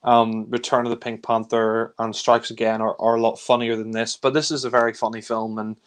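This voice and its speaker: A man's voice: mid-range voice, little pitch movement, brisk, clean tone. A man reviewing films in casual chat, giving a rambling, loose recap of the plot. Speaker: film reviewer.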